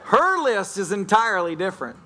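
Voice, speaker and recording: A man's voice: sits high, sing-song, fairly quick, background noise. A man preaching a sermon as a pastor, joking and playfully telling stories to the congregation. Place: church sanctuary.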